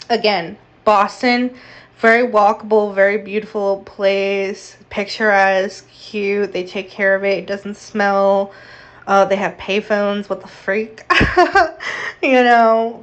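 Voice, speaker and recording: A woman narrating a casual travel vlog in a chatty, upbeat way with playful asides. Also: medium pitch. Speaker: vlogger.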